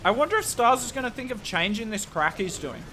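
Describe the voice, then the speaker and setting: Australian guy, young, high bright voice, excitable live game caster chatting to viewers. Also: a little fast, a little hiss or hum. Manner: excitable play-by-play, chatty asides to chat. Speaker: live-stream game commentator.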